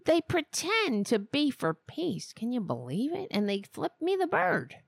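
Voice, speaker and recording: A woman mimicking an indignant congresswoman in a higher, whiny voice. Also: wildly swooping pitch, a little slow, gravelly, very noisy, full character voice. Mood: mock indignant. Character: mocking impression of an indignant congresswoman.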